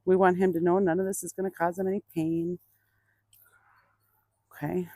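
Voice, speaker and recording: A woman trainer gives a hands-on demonstration outdoors. She explains each step to viewers and talks softly and patiently to the animal. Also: fairly low pitch, level tone, quick pace, no room sound, clean studio sound. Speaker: burro trainer.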